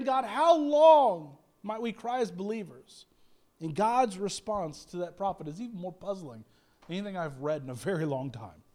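A man preaching a sermon, animated and humorous, acting out quoted prayers and joking with the congregation. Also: very high-pitched. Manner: animated, acts out quoted prayers, self-deprecating humor, frequent laughs. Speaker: pastor.

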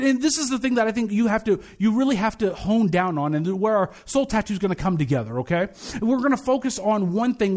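A male pastor preaching in a relaxed, conversational way, with a fairly high voice. He jokes, trips over and repeats his words, and slows right down when reciting a statement of faith. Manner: casual, joking, restarts and repeats words; recites the creed slowly and deliberately. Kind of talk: conversational sermon.

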